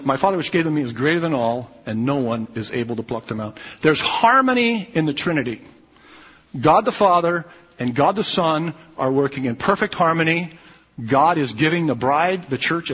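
A man preaching a sermon in a somewhat high, husky voice, stressing his points and checking in with his listeners. The sound is muffled, with a long reverb from a large church hall. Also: a bit bright. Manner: emphatic preaching with frequent "okay?" check-ins. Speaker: pastor.

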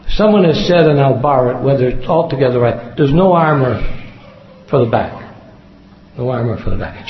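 A man's voice: medium pitch, a little hiss or hum. A man preaching a sermon in an earnest way, repeating key phrases for emphasis. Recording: echoey hall, dull lo-fi sound.

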